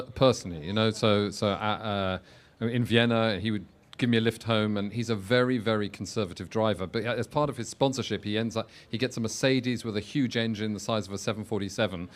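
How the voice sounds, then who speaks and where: A man's voice: on the low side, moderate pace. A man, a screenwriter on a panel, telling an anecdote with a dry, wry manner.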